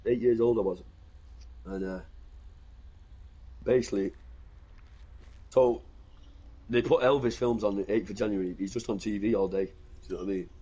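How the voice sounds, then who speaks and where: A man's voice: lowish voice, steady tone, moderate pace, pauses often, dark tone, highs cut off, slight background noise. A British man hosting a gaming stream, rambling through stories in casual chat and swearing freely. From Britain. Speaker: gaming channel host.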